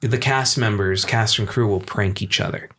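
A man's voice: lowish voice, moderate pace, creaky, pushed and bright, breathy edge. A young man co-hosting a podcast, telling a rambling story with many fillers and laughing as he goes. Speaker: podcast co-host. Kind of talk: casual storytelling.

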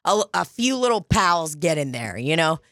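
A woman with a lowish voice tells stories in loose, animated chat, swearing freely and slipping into quoted voices. She sounds close and dry on the mic, with no room around her. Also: normal speed, dry recording. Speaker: podcast co-host. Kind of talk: casual chat.

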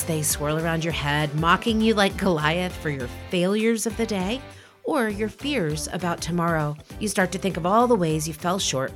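A woman delivers a scripted motivational talk with a lively, emphatic and conversational manner. Her voice sits on the low side, and her pitch rises and falls widely as she speaks. Soft music plays faintly underneath her. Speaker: inspirational podcast speaker.

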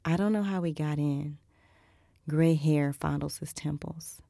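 Low, gravelly woman narrating erotic fiction. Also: unhurried, mellow, dry recording, clean studio sound. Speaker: audiobook narrator.

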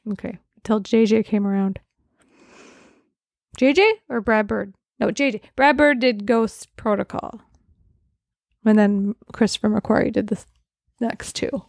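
A woman's voice: mid-range voice, a little slow, vocal fry, long pauses, no echo, studio quality. A woman co-hosting a podcast in casual chat about films, rambling and correcting herself as she goes. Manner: chatty, rambling, self-correcting. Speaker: podcast co-host.

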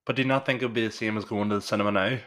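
Low-voiced Northern Irish man telling stories. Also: fairly even intonation, very fast, fairly bright tone. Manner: rambling anecdotal storytelling, swears freely. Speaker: podcast co-host. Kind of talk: casual chat.

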